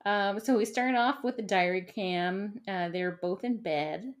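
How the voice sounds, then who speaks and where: A woman with a medium-pitched voice co-hosts a podcast, recapping a show in casual conversation. She drops quick asides and laughs frequently.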